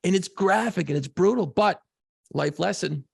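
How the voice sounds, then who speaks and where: A man co-hosting a podcast, telling a profane, excitable story in casual chat. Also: sits high, normal speed, no echo, clean studio sound. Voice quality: gravelly, husky voice. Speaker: podcast co-host.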